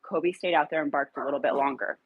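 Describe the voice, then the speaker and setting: A woman who trains dogs chats loosely on a live stream from her home, stopping now and then to call her dogs. Her voice sits on the low side with a husky, breathy edge. The recording is close and dry. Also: fast talker, no echo, phone-quality sound. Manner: rambling, calls her dogs in a high coaxing voice. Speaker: dog trainer. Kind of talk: casual live stream talk. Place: home room with a computer.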